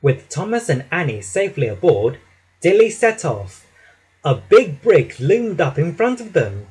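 A man reading a children's picture book aloud in an expressive, lively way. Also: fairly high pitch, measured pace, slightly rough, low-quality recording. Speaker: storybook narrator.

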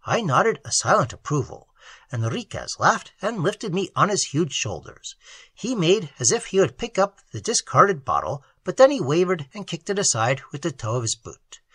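A man reads a story aloud with animated expression, his pitch rising and falling widely. His voice is husky. The recording is dry and close. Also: moderate pace, no echo. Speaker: audiobook narrator. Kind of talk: scripted narration of a story.

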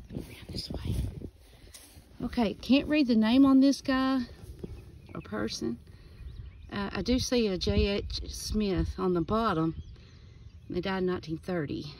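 This cemetery vlogger, mid-range in voice, tours an outdoor rural cemetery reading aloud the names and dates on headstones. Her narration is casual and a bit breathless, set against a noisy background of birds and outdoor sounds.

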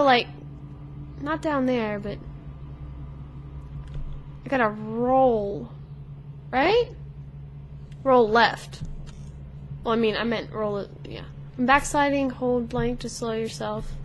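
A teenage girl narrates her gameplay in a bubbly, excitable ramble, talking to herself and the character on screen. Her voice sits on the high side. A faint hiss runs under the recording. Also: slow pace, pauses often. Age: teens. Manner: chatty, excitable, talks to herself and the game character. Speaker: gaming channel host. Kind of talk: let's play commentary.

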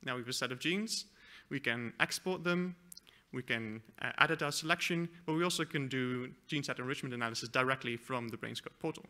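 A man presents at an academic conference. His voice is very bright and sharp. He explains a live demo at an even pitch, with the odd "uh" and restart. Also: a little fast. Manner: explains a live software demo, with fillers and self-corrections. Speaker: conference speaker. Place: conference hall.

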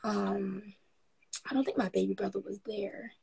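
Woman guest, rough breathy rasp, rambling frank storyteller with lots of ums, upbeat. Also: medium pitch, fairly even intonation, unhurried, warm tone, rough recording. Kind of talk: casual interview storytelling.

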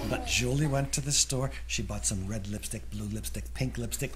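A man's voice: lowish voice, animated, a little fast, hardly any pauses, fairly bright tone, slight background noise. A man reading a children's story aloud in a playful, sing-song way. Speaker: reader.

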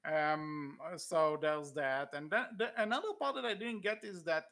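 A podcast co-host in casual chat, talking in halting bursts full of fillers and restarts. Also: mid-range voice, fairly bright tone.

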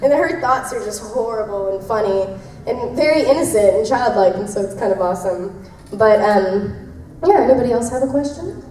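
A voice actress telling convention fans behind-the-scenes stories in a giggly, rambling way. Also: female voice, fairly high pitch, expressive, normal speed, a little mellow. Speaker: voice actress answering fan questions. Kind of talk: casual convention Q&A. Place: convention panel room. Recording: echoey room from far off, faint noise.

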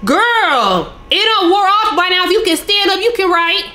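A young woman reacting to a movie with loud, animated commentary, often yelling at the screen. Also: very high-pitched, moderate pace, over music. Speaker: YouTuber reacting to a film. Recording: film soundtrack playing behind.

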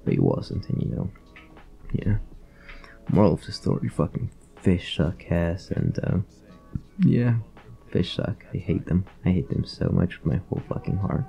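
A man's voice: deep voice, wildly swooping pitch, unhurried, gravelly, warm tone. A young man vlogging a rambling, profane storytime rant, full of fillers and asides.

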